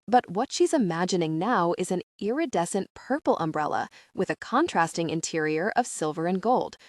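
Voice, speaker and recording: A woman narrating an audiobook in a steady, expressive storytelling manner into a close mic. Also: lowish voice, normal speed, dry recording. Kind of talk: scripted narration.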